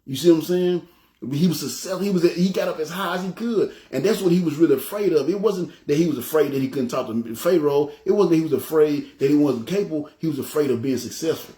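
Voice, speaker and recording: A man's voice: on the high side, fast, warm tone. A man preaching a casual, conversational sermon, loose and repetitive, who often checks in with his listeners. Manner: loose, repetitive, often asks "you know what I'm saying". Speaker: pastor. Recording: echoey room.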